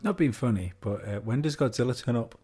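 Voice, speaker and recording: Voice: mid-range voice, brisk, warm tone, breathy edge. A podcast co-host chatting casually and playfully while watching a film, cracking jokes. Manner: playful, jokey, puts on silly voices in quoted lines. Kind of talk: casual watch-along chat.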